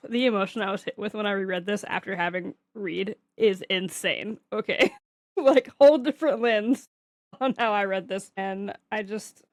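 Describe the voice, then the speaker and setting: A woman's voice: medium pitch, normal speed, no room sound, clean studio sound. A young woman co-hosting a casual comics podcast, talking with many fillers and sharing lore. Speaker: podcast co-host. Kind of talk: casual chat about comics.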